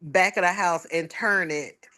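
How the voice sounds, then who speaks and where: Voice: medium pitch, sharp tone. A podcast co-host in casual chat, agreeing often and telling stories at length. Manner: chatty, agreeable, drawn-out storytelling.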